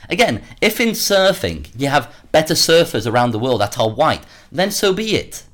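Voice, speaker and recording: A man's voice: a little high, big pitch swings, moderate pace, fairly bright tone. A man hosting a solo commentary podcast, worked up and sarcastic, often repeating words as he rants. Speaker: podcast host.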